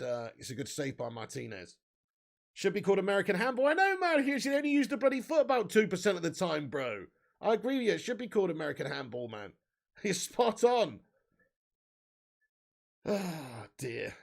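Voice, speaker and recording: Hosting a live football watch-along, a young man calls the action and reads and answers messages from his viewers. His high voice has a gravelly, creaky edge, and he swears casually, bursting into loud, excited calls on near misses and saves as he banters with the chat.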